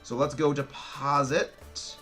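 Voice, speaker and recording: A male streamer giving excitable, rambling commentary while he plays a game, restarting his sentences often. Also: medium pitch, takes it slowly, faint music behind. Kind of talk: casual gameplay commentary.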